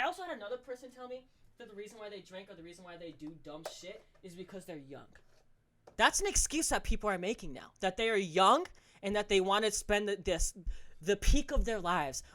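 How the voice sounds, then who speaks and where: A man's voice: high voice, bright, forceful tone. A teenage male podcast host delivering a heated, profane solo rant, scolding his listeners directly. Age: teens.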